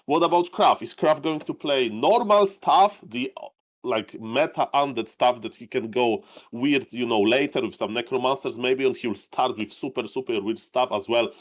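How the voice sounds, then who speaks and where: A man co-casting a live esports stream, recapping matches in an animated, enthusiastic way. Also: mid-range voice, normal speed. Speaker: esports caster.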